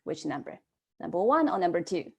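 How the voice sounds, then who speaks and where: A woman teaching an online Chinese class, modelling words slowly and prompting students to repeat them after her. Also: lowish voice, big pitch swings, vocal fry, a little mellow, husky.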